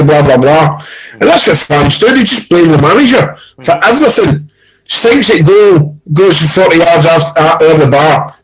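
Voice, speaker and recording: Lively Scottish man telling football stories. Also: a little high, poor audio. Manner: animated storyteller, acts out quoted arguments, swears. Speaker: football pundit, former coach. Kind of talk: casual football chat.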